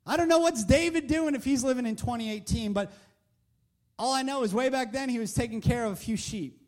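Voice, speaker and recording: A man's voice: very high-pitched, brisk, a little mellow. A man preaching a sermon in a conversational, emphatic way, full of rhetorical questions, into a handheld mic.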